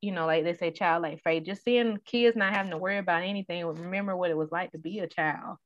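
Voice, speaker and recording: Give me an animated woman telling stories, muffled and dry. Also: lowish voice, fast talker, no room sound. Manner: animated storyteller who acts out quotes. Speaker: guest sharing her story. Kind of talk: casual conversation. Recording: dull, dry sound.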